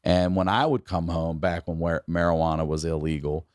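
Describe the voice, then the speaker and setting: Low-voiced man telling wild stories. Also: moderate pace, clear, resonant tone, no echo, clean studio sound. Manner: profane animated storyteller acting out voices. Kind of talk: casual storytelling chat.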